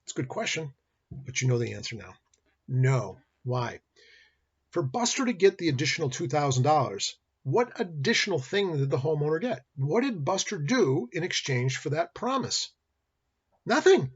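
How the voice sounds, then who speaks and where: A man's voice: fairly high pitch, sing-song, normal speed, breathy edge, highs cut off. A middle-aged man, teaching college business law in a recorded lecture and telling folksy stories. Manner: folksy storyteller, acts out dialogue. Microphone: built-in computer or webcam mic.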